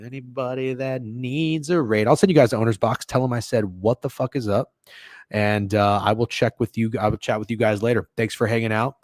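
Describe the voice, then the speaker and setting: A man's voice: on the low side, fairly even intonation, a little fast, no echo, studio quality. A man hosting a sports betting livestream, chatting loosely and profanely with his viewers. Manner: loose and profane, joking with chat. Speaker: sports betting stream host. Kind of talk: casual livestream chat.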